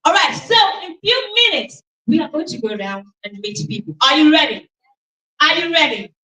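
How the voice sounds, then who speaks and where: A woman hosting a conference event, giving a lively motivational talk and calling out questions for the audience to answer. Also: sits high, brisk, recorded from a distance. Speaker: event host. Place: conference auditorium. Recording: echoey hall, from off the mic.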